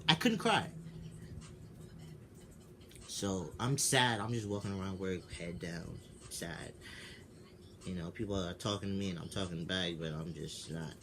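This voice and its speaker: A man in his twenties with a deep, low-pitched voice tells a personal story straight to camera in a casual vlog. He sounds like he has just woken up, rambles with restarts and swears freely. A steady background hum of ambience sits under the recording. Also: moderate pace. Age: 20s. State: just woke up. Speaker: vlogger.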